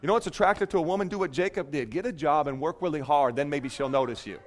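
A man's voice: on the high side, fast. A man preaching a sermon in a church, telling a story with jokes and playful asides to the congregation. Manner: joking, animated storytelling. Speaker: pastor.

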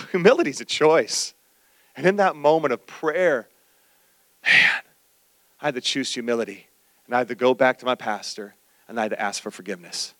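A male pastor preaching a sermon, telling a personal story with animated, acted-out quotes. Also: medium pitch, normal speed, long pauses, dry recording.

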